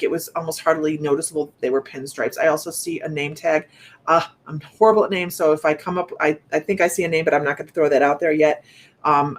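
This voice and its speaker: A woman giving a live-streamed psychic reading, speaking softly and haltingly with many restarts, straight to her viewers. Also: deep voice. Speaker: psychic medium.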